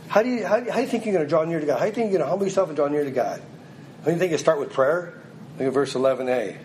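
A man's voice: on the high side, animated, racing, a little mellow, slight background noise, low-quality recording. A man preaching a sermon, reading scripture aloud and then pressing it on his listeners in an earnest, emphatic way.

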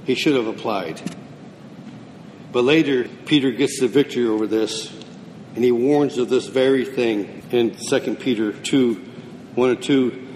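A man's voice: steady tone, moderate pace, darkish tone. A man preaching a sermon, asking questions and answering them himself. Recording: roomy hall with long echo, faint rumble.

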